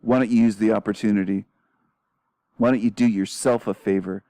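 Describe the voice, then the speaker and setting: A man commenting on a clip, a low, mellow tone, bluntly challenging and repeating rhetorical questions with a dry, close sound. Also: fairly even intonation, fairly quick, no room sound. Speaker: commentary channel host.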